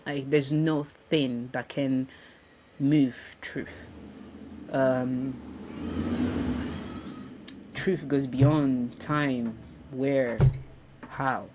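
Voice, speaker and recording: Female self-help speaker, unhurried rambling delivery, faint room hum. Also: very deep voice, steady tone. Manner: rambling, reflective, with restarts and frequent ums. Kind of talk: casual spiritual talk. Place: indoor room.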